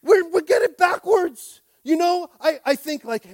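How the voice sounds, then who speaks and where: A male pastor with a high voice, preaching a lively sermon that jumps from shouted calls to quiet, chatty asides. He talks plainly and casually, stumbling over restarts and often asking "are you with me?" The sound is close and dry, with no room echo. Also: a little slow, few pauses. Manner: calls for response from the congregation; casual, conversational phrasing with frequent restarts.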